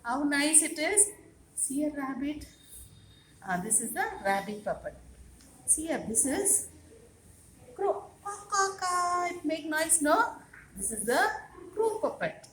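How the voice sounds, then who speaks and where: A woman with a high voice leads a preschool class. She speaks in a sing-song, coaxing way and repeats each question to the children. Her voice echoes around a classroom over a faint background hiss. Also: very animated, slow pace, long pauses. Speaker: preschool teacher. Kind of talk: classroom teaching to young children.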